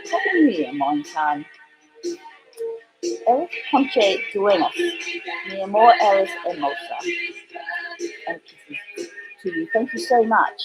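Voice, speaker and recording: Middle-aged Australian woman, comic stream host, theatrical swoops, mid-pitched, music bed under her. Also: very animated, takes it slowly, long pauses, low-quality recording. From Western Australia. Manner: playful, theatrical, swoops up high in exclamations. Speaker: livestream host playing records. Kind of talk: casual livestream chat reading comments. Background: music playing in the background.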